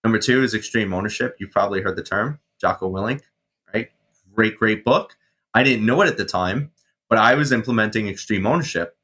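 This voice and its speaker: A man in his thirties, a guest on an interview show, telling his story casually with swearing and animated reenactments of his past self. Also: fairly low pitch, fairly quick. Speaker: guest, mindset coach and firefighter.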